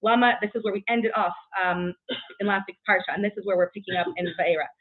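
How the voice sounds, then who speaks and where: A woman teaching a casual weekly Torah class, brisk and chatty, often checking in with "right?" and filling pauses with "um.". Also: mid-range voice, fairly even intonation, a little hiss or hum. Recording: tinny phone-like audio.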